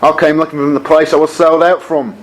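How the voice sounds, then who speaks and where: A man's voice: fairly high pitch, flat delivery, a little fast, lightly acted, poor audio. A man playing a weary young man who talks casually, calls people "mate", and turns bitter in an amateur radio play.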